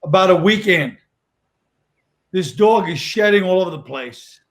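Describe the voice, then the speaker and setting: Brief: deadpan New man, fairly high voice, casual dark stories. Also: a little slow. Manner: deadpan, dark storytelling with acted quotes. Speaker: comedian guest. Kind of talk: casual storytelling.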